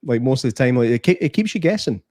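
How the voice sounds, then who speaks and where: A man's voice: medium pitch, sing-song, fast, a little mellow, dry recording, clean studio sound. A Scottish man co-hosting a podcast, chatting enthusiastically and rambling about films, laughing often. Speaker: podcast co-host. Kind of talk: casual film review chat.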